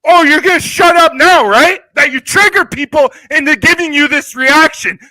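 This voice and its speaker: High-voiced man shouting angry insults. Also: normal speed, dry recording, poor audio. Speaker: live stream guest. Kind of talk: heated online argument.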